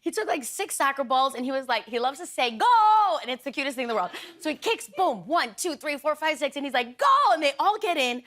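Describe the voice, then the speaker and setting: A woman's voice: sits high, expressive, quick pace, few pauses, fairly bright tone. A woman in her thirties, a talk show guest chatting in a bubbly way and acting out little voices as she tells stories. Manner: bubbly, storytelling with acted-out voices. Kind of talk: animated talk show chat.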